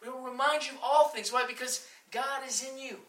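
A woman's voice: high voice, normal speed, a bit bright, distant mic. A woman preaching a sermon with emphasis, asking the room questions and acting out quoted voices. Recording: echoey room, voice from off the mic.

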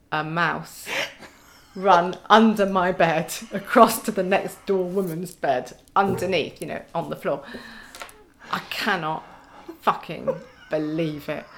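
A woman's voice: fairly low pitch, a bit bright. A middle-aged woman, a podcast guest telling stories in casual chat with wry humour and frequent laughter.

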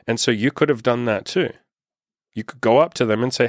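A man's voice: medium pitch, brisk, no echo, clean studio sound. Blunt, profane male dating coach. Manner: blunt and profane, acts out rude exchanges. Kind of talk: casual advice monologue.

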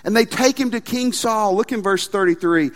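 A man preaching a sermon as pastor, animated and emphatic, often repeating his phrases. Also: high voice, moderate pace. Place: church sanctuary. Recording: long reverb of a large hall.

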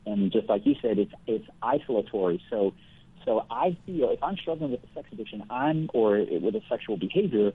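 A man speaking as the guest counselor in a conversational interview, explaining things earnestly and in a measured way, with everyday examples. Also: mid-range voice, lively intonation, slightly rough. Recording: phone-like thin line.

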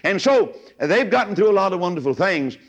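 A man's voice: high-pitched, big pitch swings, fairly quick. A man preaching a sermon in a folksy storytelling way, acting out the voices of the people in his story. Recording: dull lo-fi recording.

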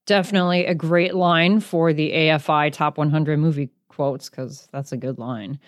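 A woman hosting a solo podcast, chatting casually in a self-deprecating way and slowing down to read out quiz words. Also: sits low, fairly even intonation, no echo, studio quality. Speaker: podcast host.

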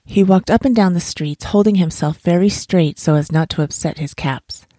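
A woman's voice: on the low side, no room sound, studio quality. Soothing woman reading a bedtime story. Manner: gentle, soothing, slow storytelling.

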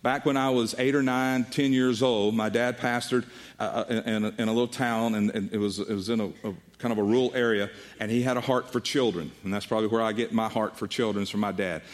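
A man's voice: fairly low pitch, fast. Middle-aged male pastor preaching a story. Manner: animated storytelling, acts out quoted voices. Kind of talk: sermon.

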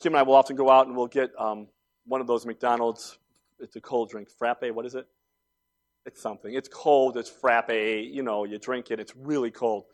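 A man's voice: medium pitch, fairly even intonation, moderate pace. A man in his forties preaching a sermon, telling stories conversationally and building to emphatic points. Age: 40s. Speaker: pastor.

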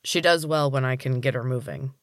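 A man's voice: mid-range voice, a little fast, a bit bright, no echo, studio quality, natural voice. A man voicing a terse, dutiful young male trainer in a read-aloud story. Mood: subdued. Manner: terse, subdued.

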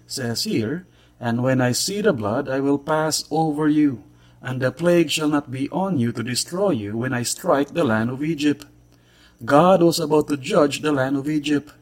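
A man delivering a short scripted gospel message in a measured, earnest way, quoting scripture. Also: fairly high pitch, darkish tone. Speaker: gospel preacher.

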